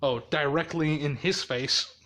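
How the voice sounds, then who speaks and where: Laughing, profane storyteller, slow unhurried telling, casual improv. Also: mid-range voice, a bit bright. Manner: laughs often, swears heavily.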